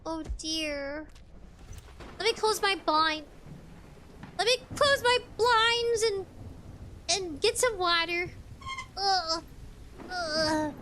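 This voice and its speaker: A woman's voice: very high-pitched, extremely slow, long pauses, bright, forceful tone, a little hiss or hum. A woman live-streaming a game in casual chat, giggling as she reads chat messages and game text aloud. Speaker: VTuber streamer.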